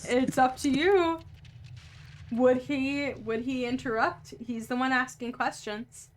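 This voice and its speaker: A woman game master who narrates at a slow, deliberate pace, painting each scene for her players. Her voice sits a little on the high side. A faint hiss of ambience runs underneath. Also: fairly even intonation. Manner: unhurried, descriptive narration.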